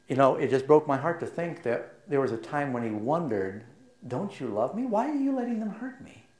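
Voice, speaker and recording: A middle-aged man preaching a sermon, telling stories and putting questions to his listeners, going soft and low in the sad parts. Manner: storytelling, asks the audience questions, drops soft for sad parts.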